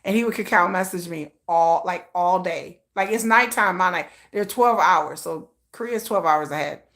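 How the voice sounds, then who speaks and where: A woman hosting a casual livestream chat, telling stories in an animated way and acting out bits of quoted dialogue. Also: fairly low pitch, normal speed. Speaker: livestream host.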